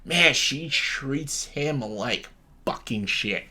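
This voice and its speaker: Dude doing a loose rambling review vlog, bright voice, swears a lot, laughs at his own points. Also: mid-range voice, lively intonation, very slow, slight background noise. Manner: rambling, profane, enthusiastic, laughs often. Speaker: YouTuber reviewing a reality show. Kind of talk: casual chat.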